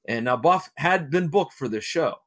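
This interview guest, a middle-aged Ohio man who works as a wrestling manager and promoter, spins a long, casual story full of fillers and restarts. He speaks expressively at a moderate pace, with a fairly high pitch.

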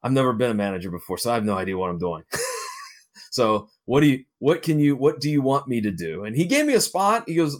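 A man's voice: medium pitch, very animated, brisk. A middle-aged man from Ohio, a guest telling a long story casually, rambling with fillers and restarts. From Ohio, United States. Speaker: interview guest, wrestling manager and promoter.

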